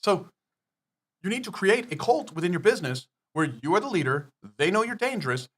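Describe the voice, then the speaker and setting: A man's voice: high voice, big pitch swings, fairly quick, a bit bright. Emphatic, profane man lecturing. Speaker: business guest. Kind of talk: podcast interview.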